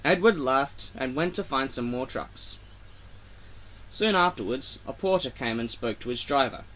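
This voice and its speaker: A man reading a children's railway storybook aloud, expressive. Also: medium pitch, moderate pace.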